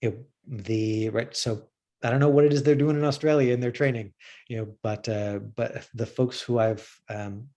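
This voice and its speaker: A man's voice: mid-range voice, fairly even intonation, normal speed, mellow. A man teaching acting on camera, talking casually and rambling with many restarts. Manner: rambling, full of fillers and restarts. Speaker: acting coach.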